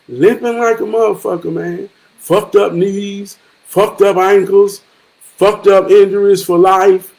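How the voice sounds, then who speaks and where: A man in his forties telling a personal story in an emphatic, profane way, moving from low and reflective to loud outbursts. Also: rough recording. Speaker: vlogger.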